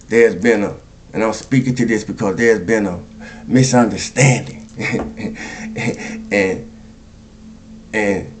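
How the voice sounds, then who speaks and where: Male spiritual speaker, lowish voice, repeats lines like a preacher, faint noise behind. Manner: repetitive, preacherly, chuckles often, asks "you see?". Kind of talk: spoken spiritual monologue.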